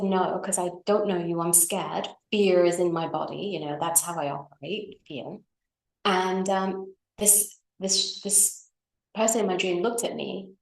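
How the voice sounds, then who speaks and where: A middle-aged woman with a low, gravelly voice tells a personal story as an interview guest. She talks in a chatty, conversational way and often checks in with her listener. The call sounds echoey, as if she is in a bare room. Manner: chatty, with frequent tag questions and fillers. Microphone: video call.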